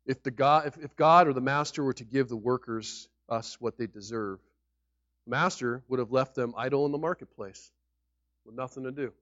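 A man preaching a sermon as pastor, emphatic, with sudden loud peaks on key words. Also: medium pitch, normal speed, dry recording. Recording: dull lo-fi recording.

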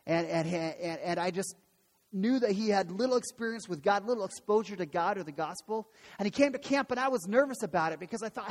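A man's voice: sits high, brisk. A man pastor preaching a sermon in a church, earnest and emphatic, repeating phrases for weight. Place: church sanctuary. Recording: long hall reverb.

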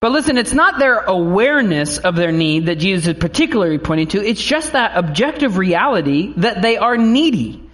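A man's voice: high-pitched, lively intonation, a little fast, few pauses, a bit bright. A man in his thirties, a pastor giving a conversational sermon who acts out quotes and family stories.

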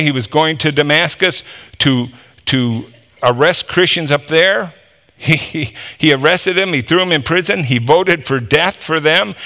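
A man's voice: a little high, bright, forceful tone. A man preaching a sermon, explaining scripture with emphatic asides and reading passages aloud.

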